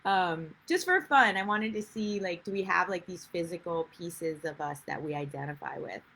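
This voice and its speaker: Woman, husky, lowish voice, life coach, chatty livestream talk. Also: moderate pace, a bit bright, low-quality recording. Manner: chatty, rambling, greets viewers. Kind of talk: live-streamed coaching talk.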